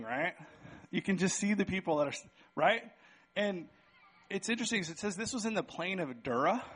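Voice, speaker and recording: A pastor with a high, slightly breathy voice preaches to his congregation in a church sanctuary with a band. He's casual and chatty, running a live object lesson and often checking in with "right?"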